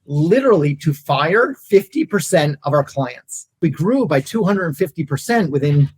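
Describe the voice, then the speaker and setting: A man's voice: fairly high pitch, lively intonation, moderate pace, slightly rough. A middle-aged man answering interview questions thoughtfully, with many fillers and restarts. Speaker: guest, agency CEO.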